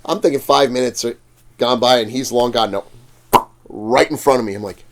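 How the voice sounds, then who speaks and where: A man's voice: mid-range voice, normal speed. A man, a podcast guest, telling stories in a casual way, swearing freely and laughing as he acts out the other people in them. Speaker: podcast guest, fang maker. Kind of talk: casual storytelling. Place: podcast studio.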